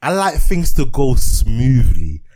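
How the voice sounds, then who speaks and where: A man's voice: mid-range voice, very animated, takes it slowly, mellow. Laid-back young man. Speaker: podcast co-host. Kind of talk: casual chat.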